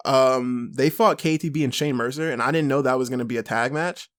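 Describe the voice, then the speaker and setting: A young man co-hosting a podcast, chatting excitably, laughing often and swearing a lot. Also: medium pitch, a little fast. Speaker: podcast co-host. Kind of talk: casual chat.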